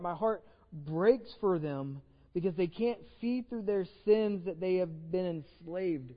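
A man with a Texan accent preaches a sermon in a casual, conversational way, often doubling words as he begins a thought. His voice sits fairly high. The recording is dull and muffled, with a long reverb from the church hall. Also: a little slow. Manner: conversational, repeats words when starting phrases. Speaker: pastor. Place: church sanctuary.

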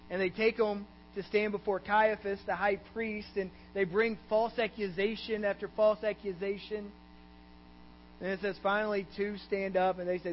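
Texan pastor, man, high voice, animated sermon storytelling, dull recording with faint hum. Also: normal speed. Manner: animated storytelling, voicing characters in the scripture. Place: church.

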